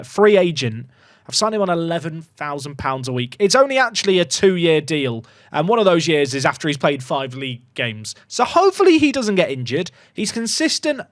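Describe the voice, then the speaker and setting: A man commentating his own football management game for viewers, muttering asides and bursting into excited shouts. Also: a little high, no echo, studio quality. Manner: swings between mumbled asides and excited shouts. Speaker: video game streamer.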